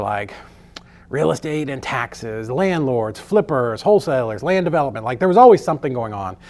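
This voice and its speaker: A man's voice: medium pitch, darkish tone. Chatty, loose-talking man teaching a course. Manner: loose and chatty, with frequent swearing and filler words. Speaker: real estate course instructor. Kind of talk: casual storytelling lesson.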